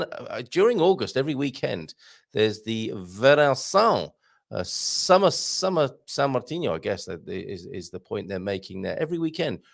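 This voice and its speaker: A man's voice: mid-range voice, vocal fry. A man hosting a live morning show, chatting casually and joking with his viewers. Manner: jokey, playful, chatty. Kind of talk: casual live-stream chat.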